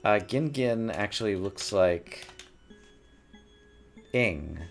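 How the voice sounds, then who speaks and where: A man's voice: fairly low pitch, lively intonation, drawn-out words, soft background music. A man thinking aloud as he plays a word puzzle game, musing and muttering words over to himself at a desk mic. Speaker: gaming YouTuber.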